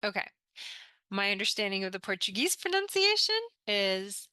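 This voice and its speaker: A woman teaching English as a foreign language, saying each word slowly and carefully twice so learners can repeat after her. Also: mid-range voice, lively intonation, pushed and bright, no echo. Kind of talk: slow, clear teaching of pronunciation.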